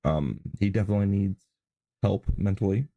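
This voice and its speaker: Male host, dark mellow gravelly voice, calm disapproving clip commentary, dry close sound. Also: on the low side, moderate pace, no room sound, highs cut off. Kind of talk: commentary on video clips.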